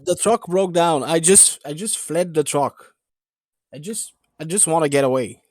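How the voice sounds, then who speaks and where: A man's voice: on the high side, moderate pace, no room sound, studio quality, close to an everyday voice. A man voicing a nervous male Red Cross worker with a Swedish accent, stammering as he pleads.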